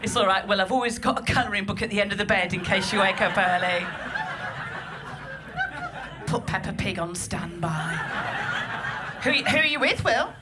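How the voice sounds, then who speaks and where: A woman's voice: mid-range voice, moderate pace, pauses often, heavy background noise. A woman from Birmingham with a Birmingham accent, performing a bawdy stand-up set and teasing the audience. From Birmingham, England. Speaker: stand-up comedian. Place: comedy club stage.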